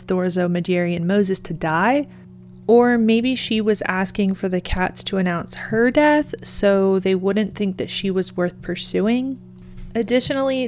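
A woman's voice: medium pitch, a little mellow, a little hiss or hum. A woman hosting a history podcast, musing and thinking aloud, raising open questions as she goes. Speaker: podcast host. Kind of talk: conversational history commentary.

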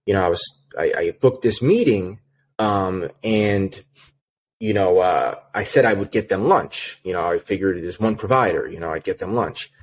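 A man's voice: low-pitched, moderate pace. A man telling a work story in a casual podcast chat, with lots of fillers, acting out a phone call. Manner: animated, many fillers, acts out a phone call. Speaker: podcast guest, sales manager.

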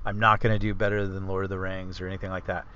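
Rambling low-voiced male podcast host. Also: level tone, fast, pushed and bright, lo-fi sound, a little hiss or hum. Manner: rambling, self-correcting, enthusiastic explainer. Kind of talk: casual book discussion.

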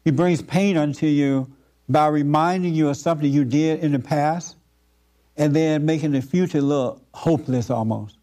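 A man giving an informal spiritual talk to a group, earnest and repetitive, with frequent halting fillers. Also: a little high, mellow.

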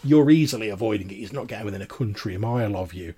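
A man's voice: lowish voice, fast talker, mellow, husky. A man narrating as game master of a tabletop role-playing game, rambling with lots of fillers.

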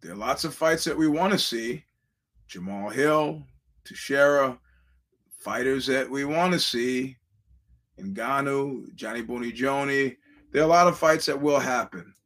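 Rambling, animated male podcast host. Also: mid-range voice, a little slow. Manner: rambling, animated, acts out quoted voices. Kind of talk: casual storytelling monologue.

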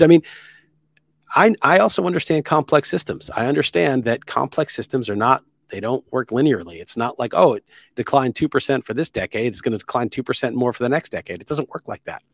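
A podcast host goes solo, talking in a fairly low voice that's opinionated, sarcastic, and rambling, with many restarts. The recording is dry.

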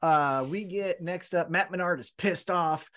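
A man co-hosting a casual podcast, recapping wrestling and acting out quotes in a higher voice. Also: a little slow. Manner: animated storytelling, acts out quotes in higher voice. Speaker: podcast co-host.

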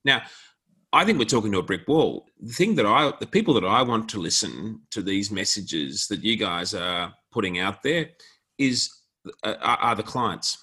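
An Australian man, a law firm director, explaining his views in a measured, deliberate way during a podcast interview. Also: fairly low pitch, animated, pushed and bright, breathy edge.

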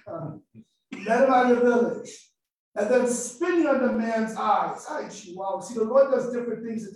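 A man pastor preaching a sermon with lively energy, swinging from shouted points to soft asides, recorded on a livestream from some distance. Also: sits high. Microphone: livestream device away from the speaker. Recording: roomy livestream audio from far off.

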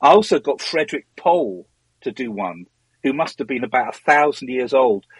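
Husky man rambling through anecdotes. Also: medium pitch, animated, moderate pace, dry recording, low-quality recording. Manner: rambling and digressive, with frequent ums and restarts. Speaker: interview guest, former magazine editor. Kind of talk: casual anecdotal storytelling.

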